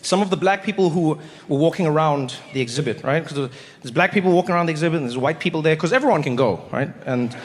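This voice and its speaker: A man from South Africa performing stand-up comedy, telling stories in a playful, animated way on a large stage. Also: fairly high pitch, fast talker, hardly any pauses. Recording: long hall reverb, faint noise.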